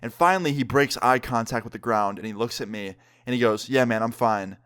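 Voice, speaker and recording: A young man spins a wild story for his viewers at a middle pitch. He sounds animated and profane, leaning on "like" at every turn. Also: fairly quick, clean tone. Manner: animated, profane, heavy use of "like". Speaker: vlogger. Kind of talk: casual storytelling.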